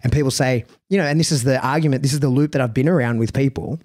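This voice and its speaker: A man's voice: medium pitch, rapid-fire, darkish tone. Male podcast co-host, discursive and casual, tags his points with "right?". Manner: discursive, loops back with frequent "right?" and "you know". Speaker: podcast co-host, dog trainer. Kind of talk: casual conversational podcast chat.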